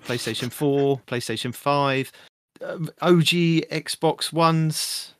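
A man's voice: on the high side, takes it slowly, a bit bright, clean tone, no room sound, clean studio sound. A man hosting a casual gaming podcast, reading update notes aloud and breaking off into joking asides. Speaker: podcast host.

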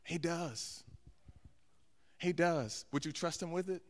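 A man's voice: a little high, slow. A man, a guest pastor, preaching a sermon live in a church and acting out voices in the dialogue he tells. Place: church sanctuary with balcony. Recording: church hall reverb.

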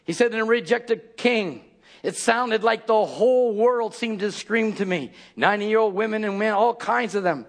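A man with a high voice preaches a fiery sermon at normal speed, calling out to his congregation and often rising into shouted exhortation.

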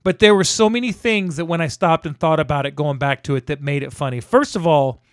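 A man co-hosting a casual film discussion, animated and laughing often as he acts out scenes. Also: fairly high pitch, fairly quick, smooth, dry recording, clean studio sound. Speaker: podcast co-host.

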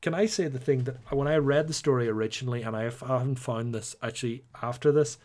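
A young man with a Northern Irish accent, co-hosting a podcast in a chatty, animated way. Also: medium pitch, quick pace. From Northern Ireland. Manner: chatty, animated storytelling with playful put-on voices. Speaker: podcast co-host. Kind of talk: casual chat.

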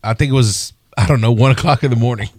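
Brief: male talk radio host, lively fishing yarns, close dry mic. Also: medium pitch, quick pace, no room sound. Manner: animated storyteller, laughs often. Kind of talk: casual fishing radio chat. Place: radio studio.

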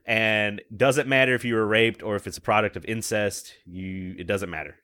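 A man's voice: fairly low pitch, normal speed. A man from the American South in casual, profane podcast chat, laughing often and telling stories. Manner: animated, laughs often, swears freely.

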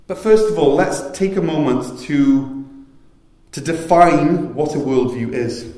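A man's voice: on the high side, slow, warm tone. A man preaching a sermon as pastor, earnest and explanatory in a storytelling way. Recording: echoey room sound.

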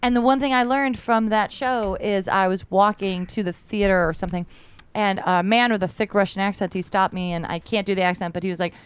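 A woman's voice: medium pitch, fairly even intonation, a little fast, smooth. A woman co-hosting a film podcast, chatting casually and laughing easily as she tells stories. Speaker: podcast co-host, film critic. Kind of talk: casual chat.

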